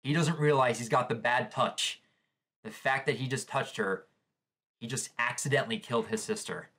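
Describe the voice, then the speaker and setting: A man's voice: medium pitch, normal speed, pushed and bright. A man hosting a live manga reaction, describing the panels aloud and reacting with shock to what he reads.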